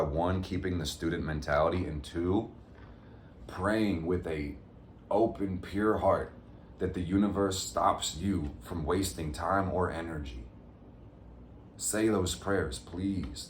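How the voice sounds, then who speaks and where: Here a deep-voiced tarot reader keeps things casual and positive, mixing his reading with pep talk and calling viewers "fam" and "gang." Reverb and slight background noise color the recording.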